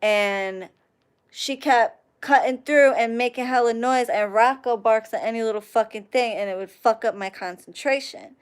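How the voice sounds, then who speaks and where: A young woman hosting a casual livestream, telling a profane, animated story and thanking chat viewers along the way. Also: on the high side, normal speed, clean tone. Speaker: livestream host.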